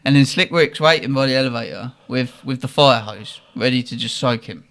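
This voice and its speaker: A man's voice: medium pitch, brisk, creaky. Laughing slangy storyteller man. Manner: laughs often, slangy and animated. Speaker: podcast host. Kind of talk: casual storytelling.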